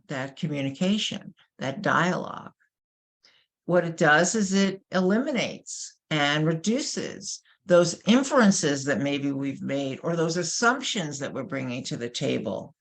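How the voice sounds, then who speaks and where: New york lady presenting a webinar, low voice, animated, lots of rhetorical questions. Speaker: workshop presenter. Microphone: webinar microphone.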